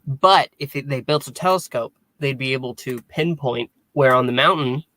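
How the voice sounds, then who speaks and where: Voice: mid-range voice, moderate pace, a bit bright. A co-host in a casual chat who adds short remarks and finishes the other host's sentences. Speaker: podcast co-host.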